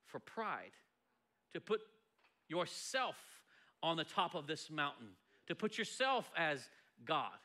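Male pastor, high voice, bright and ringing, jokey sermon delivery. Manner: playful, joking, lively delivery with laughs. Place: church sanctuary before a congregation.

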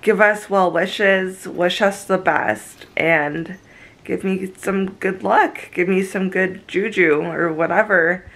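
A woman's voice: fairly low pitch, slow pace, fairly bright tone, rough recording. A young woman gushing in a casual vlog, giggling as she talks to her viewers. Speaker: vlogger.

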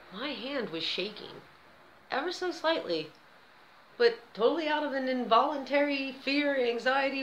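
A woman's voice: mid-range voice, fairly bright tone, roomy sound, slight background noise, low-quality recording. An American woman telling a personal story in a conversational vlog style, with an American accent. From United States. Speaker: vlogger.

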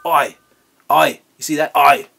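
A man's voice: on the high side, fairly even intonation, unhurried, vocal fry. A man playing a preachy vegan kids host. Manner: talks down like to small children, repeats words. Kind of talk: comedic kids-show parody. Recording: background music under voice.

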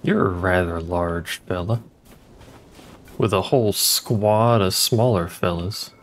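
A man's voice: deep voice, slow, a little hiss or hum. A male streamer giving casual game commentary, dry and joking, muttering to himself as he plays.

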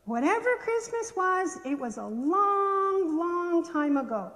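A woman's voice: very high voice, very animated, slow pace, fairly bright tone, in a large hall, pitched above the performer's own voice, heavily acted. A woman voicing a brave, kind little female pig who earnestly pleads for help, read in a children's story. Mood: urgent.

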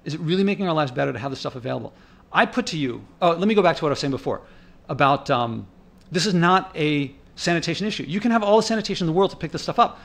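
Talking fast over his park footage, this male vlogger has a fairly bright, somewhat high voice with lively intonation and vocal fry. He grows indignant as he rambles, restarting thoughts and working himself up in casual commentary.

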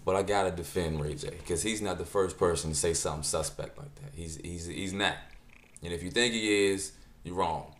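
A man talking straight to the camera in animated reaction commentary, joking and incredulous. His voice sits fairly low. A roomy echo hangs around him. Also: moderate pace. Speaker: vlogger.

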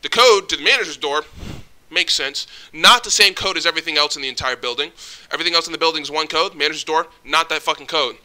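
Young adult male vlogger, animated storyteller, cursing, sharp bright tone. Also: fairly high pitch, fast talker. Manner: excitable, profane, animated. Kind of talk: casual storytelling.

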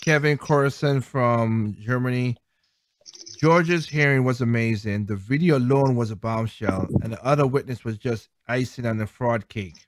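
A man's voice: medium pitch, normal speed. A man hosting a one-man show, rambling casually and laughing often as he reads viewer comments. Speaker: host.

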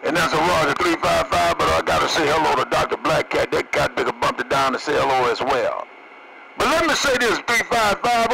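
A man's voice: high-pitched, vocal fry. A man trading jokes over CB radio, using radio lingo and laughing between lines. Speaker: CB radio operator. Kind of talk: CB radio banter. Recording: noisy CB radio transmission.

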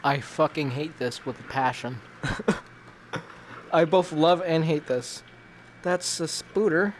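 A man's voice: fairly high pitch, slow, a little hiss or hum. A man reacting while playing a VR game, jumpy and panicky and swearing constantly. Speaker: gamer.

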